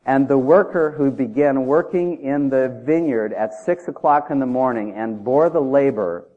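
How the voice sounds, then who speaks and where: A man preaches in a punchy, talky manner, tossing rhetorical questions at the congregation. His voice sits at an ordinary male pitch. The sound is thin and narrow, like a phone line. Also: normal speed. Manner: emphatic, conversational, with rhetorical questions. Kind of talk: sermon. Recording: tinny phone-like audio.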